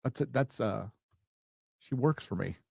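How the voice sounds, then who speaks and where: Guy hosting a live stream, swears a ton, rants and gets sarcastic, dry close mic, average pitch. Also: animated, a little slow, vocal fry, darkish tone, husky, dry recording. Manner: profane, ranting, sarcastic asides. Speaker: livestream host reading viewer comments. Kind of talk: casual live-stream chat.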